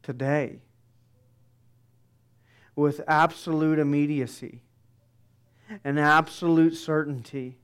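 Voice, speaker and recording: A middle-aged man preaching a sermon, slow and deliberate. His voice is smooth and clear, rising to emphatic declarations and dropping to hushed, weighty pauses. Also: mid-range voice, steady tone. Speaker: pastor.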